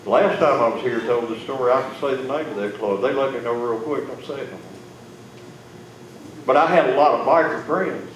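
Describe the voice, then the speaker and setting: A man telling an emotional personal testimony to an audience, folksy and plainspoken, with big swings in loudness. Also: medium pitch, a little fast. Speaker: testimony speaker. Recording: echoey room, far mic, noisy.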